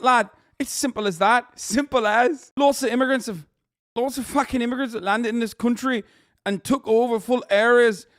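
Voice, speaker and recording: A man putting on a loud, mocking voice of a blunt, combative young English lad while reading his posts aloud. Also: very high voice, no room sound, studio quality, pitched above the performer's own voice. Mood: ranting.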